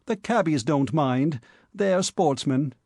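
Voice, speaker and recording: A man's voice: on the high side, expressive, slow pace, darkish tone, husky, no room sound, clean studio sound, full character voice. A man playing a breezy young lord. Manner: offhand, chummy.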